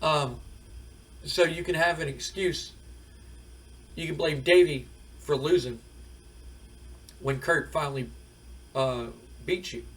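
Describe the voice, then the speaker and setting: A man's voice: a little high, slow pace, pauses often, a bit bright, distant mic. A man doing a goading, taunting wrestler. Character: taunting male wrestler challenging his brother.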